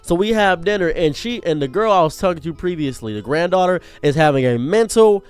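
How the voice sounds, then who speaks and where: A young man telling a comedic personal story as a streamer, animated and jokey, jumping into higher voices for quotes. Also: a little fast, clear, resonant tone, faint music behind.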